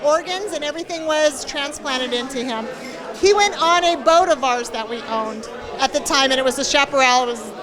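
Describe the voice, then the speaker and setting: A woman at a party telling a fond, emotional story about a late friend and laughing between sentences. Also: sits high. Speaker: party guest sharing memories. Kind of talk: casual spoken tribute. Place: indoor party venue. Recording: busy party crowd behind.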